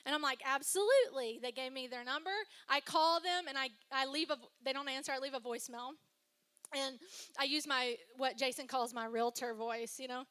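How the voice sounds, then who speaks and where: High, bright-voiced chatty woman pastor. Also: normal speed. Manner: chatty, personal storytelling with laughs and asides. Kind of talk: sermon. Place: church stage before a congregation.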